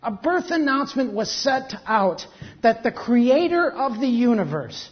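Slow, dull-sounding preacher. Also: medium pitch, very animated. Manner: slow storytelling that breaks into quick, joking asides. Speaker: pastor. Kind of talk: sermon with a story read aloud. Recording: dull lo-fi recording.

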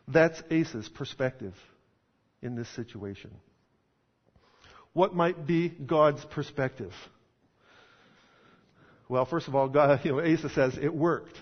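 A man's voice: a little high, slow pace, pauses often. Man preaching in an echoey hall. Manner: conversational, emphatic, rhetorical questions. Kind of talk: sermon. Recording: dull sound in a reverberant hall.

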